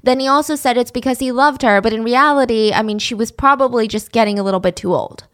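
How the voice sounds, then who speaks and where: A woman's voice: a little high, fast, fairly bright tone. A woman narrating a true crime case in a casual, conversational way, with blunt opinionated asides.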